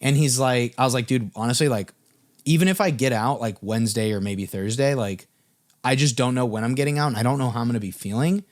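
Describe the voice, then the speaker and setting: A man's voice: medium pitch, fast. Casual young man telling a story. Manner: casual, filler-heavy, swearing. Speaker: music business coach.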